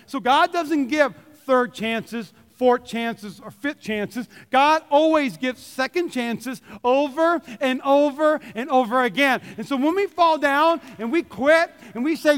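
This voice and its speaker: High-voiced man preaching with humor. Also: takes it slowly, hardly any pauses. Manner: animated, joking, calls out to the congregation. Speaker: pastor. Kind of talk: sermon. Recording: long hall reverb.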